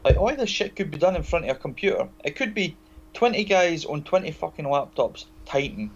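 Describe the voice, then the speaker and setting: A man's voice: on the high side, big pitch swings, brisk, dull audio. A man with a Scottish accent co-hosting a podcast, talking loosely and swearing a lot. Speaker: podcast co-host. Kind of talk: casual profane chat.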